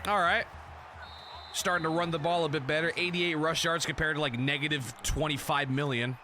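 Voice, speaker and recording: A young man streaming a football video game, commentating the plays in a casual, excitable and profane way, often breaking into shouts. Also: on the high side, fairly quick, slight background noise.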